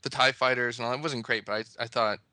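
Man, podcast co-host, bright voice, dry sound, rambling. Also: mid-range voice, steady tone, fast, no echo. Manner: rambling, hesitant, many restarts and fillers. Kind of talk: casual podcast chat.

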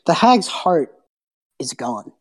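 A woman game master narrating a tabletop game in a relaxed, descriptive way. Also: deep voice, slow pace, low-quality recording. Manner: relaxed, descriptive, some restarts.

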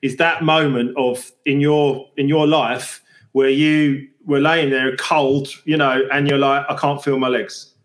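A man's voice: mid-range voice, little pitch movement, a little slow, fairly bright tone. Rambling male interviewer in echoey room. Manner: rambling, filler-heavy questions. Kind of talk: podcast interview.

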